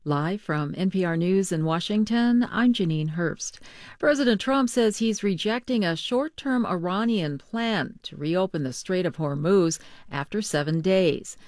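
A woman newscaster reading the headlines in a crisp, measured radio manner. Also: fairly low pitch, a little mellow, no echo, clean studio sound.

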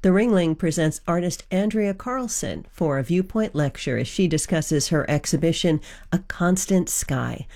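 A station announcer reading sponsor messages in a smooth, scripted way. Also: mid-range voice, expressive, normal speed, darkish tone.

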